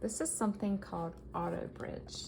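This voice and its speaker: A woman's voice: mid-range voice, expressive, a little fast, creaky, noisy background. A woman chatting casually as she shows off vintage yard-sale finds, reading items aloud with enthusiasm. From American South. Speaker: vintage collector vlogger. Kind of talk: casual show-and-tell haul.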